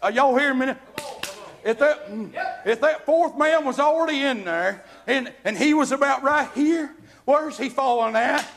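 A man's voice: very high-pitched, normal speed, a little hiss or hum. A man preaching an evangelical sermon, folksy and calling out to the congregation. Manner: folksy, calls out to the congregation, builds to shouting.

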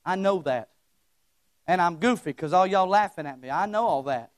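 A young man preaching a sermon, swinging between shouting and hushed folksy talk. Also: high-pitched, expressive, normal speed, no echo, studio quality. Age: young adult.

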